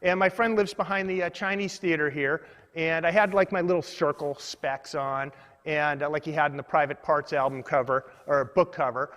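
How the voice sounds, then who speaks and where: A man telling a funny personal story in a meandering, self-deprecating way with deadpan asides. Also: fairly high pitch, moderate pace, in a large hall.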